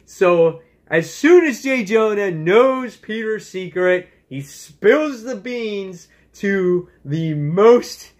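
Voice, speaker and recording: Chatty man reviewing comics, slightly high voice. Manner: enthusiastic, chatty with many fillers. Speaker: comic book reviewer, channel host. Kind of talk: casual review vlog.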